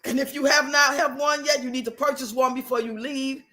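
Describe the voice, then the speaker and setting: A woman's voice: high voice, little pitch movement, normal speed, sharp tone. A woman mocking a greedy woman preacher who pushes her own book and demands money from the congregation. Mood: preachy.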